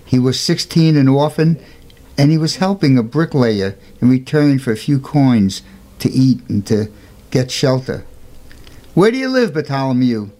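A man's voice: unhurried, warm tone. Earnest man telling a saint's story. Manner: earnest, emphatic, rhetorical questions, raises pitch for quoted voices. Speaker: storyteller presenting a saint's life. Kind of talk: informal religious storytelling.

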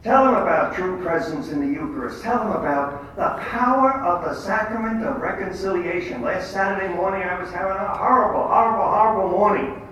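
A man's voice: high voice, fairly quick, a bit bright. A man with a slightly raised voice tells faith stories in a plain, conversational way, with a streak of blunt humor. He sounds far from the mic in a very echoey room, with faint noise behind him. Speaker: lay speaker at a faith gathering. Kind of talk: testimony-style religious talk.

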